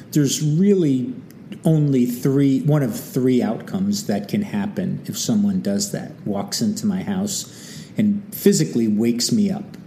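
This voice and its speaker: A history channel host with a lowish voice tells his story casually, animated and wry, acting out quotes and tossing in many asides. There's slight background noise.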